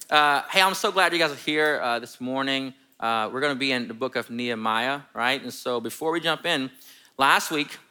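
Bright, clear-voiced young male pastor. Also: mid-range voice. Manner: friendly, chatty, often adds "right?". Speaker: college and young adult pastor. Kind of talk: sermon with personal story. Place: church sanctuary.

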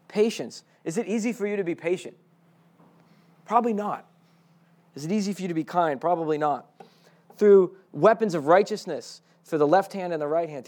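A man giving a conversational sermon at a Bible college, animated, often repeating words and asking the listeners questions. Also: fairly high pitch.

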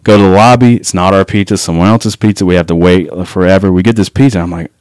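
A man with a low voice tells a rowdy, profanity-laced story in a relaxed chat. His delivery is loose and full of laughter. The sound is close and dry, with no room around it. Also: quick pace, clear, resonant tone, dry recording. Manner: profane, laughing anecdote-telling. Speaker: guest. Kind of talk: casual storytelling.

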